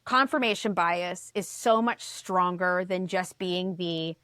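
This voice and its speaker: A woman guest on a podcast, telling a story in casual chat, animated, swearing and acting out the voices she quotes. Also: lowish voice, slow pace, no room sound, clean studio sound.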